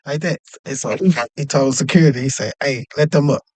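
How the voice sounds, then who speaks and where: A young man casually telling a long, animated story, jumping up in pitch whenever he acts out other people's lines. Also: brisk, no room sound. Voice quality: animated, acts out quoted voices with jumps in pitch. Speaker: podcast host.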